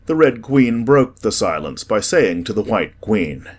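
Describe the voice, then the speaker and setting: A man narrating a children's classic in a measured storytelling way for an audiobook. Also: on the low side, very animated.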